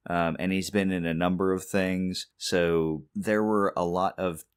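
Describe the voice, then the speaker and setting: Deep-voiced man co-hosting a movie podcast. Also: flat delivery, unhurried, clean tone. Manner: laughs often, chatty movie riffing. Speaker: podcast co-host. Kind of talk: casual chat.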